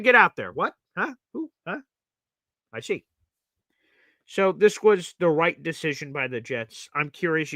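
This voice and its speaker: This is a male sports talk host reacting live, blunt and opinionated. His voice sits a little high and swings up and down with energy. It sounds bright and punchy, recorded close in a dry space. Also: no echo. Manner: animated, blunt, opinionated, swings between excited and mutter.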